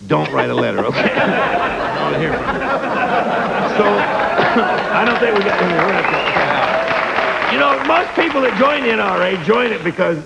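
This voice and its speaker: Gravelly, animated middle-aged comedian. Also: male voice, sits high, over a noisy crowd. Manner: punchy, sarcastic delivery with quick asides. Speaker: stand-up comedian and guest. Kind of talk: stand-up monologue and talk-show banter. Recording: TV studio taping with audience laughter and hiss.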